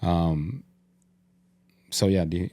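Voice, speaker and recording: A man with a fairly low voice speaks on a podcast in a candid, conversational way. He talks earnestly, circling back with frequent fillers and restarts. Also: takes it slowly, dark tone. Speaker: podcast co-host.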